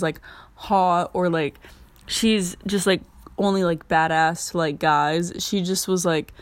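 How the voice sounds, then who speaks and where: A woman's voice: on the low side, dry recording. Rambling teen girl podcaster, dry close mic. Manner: rambling, heavy use of "like" fillers. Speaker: podcast host. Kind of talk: casual solo podcast chat.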